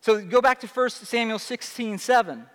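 A man's voice: very high-pitched, moderate pace, a bit bright, long reverb tail. A man preaching a sermon as pastor, conversational and emphatic, often restarting and asking rhetorical questions. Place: church sanctuary.

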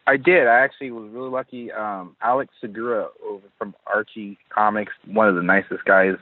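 A man with a low, husky voice, a comic artist guesting on an interview. He tells his stories in an animated way and laughs often. The line is dry and thin, like a phone call. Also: fairly quick, dry recording. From Southern California. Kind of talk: casual interview chat.

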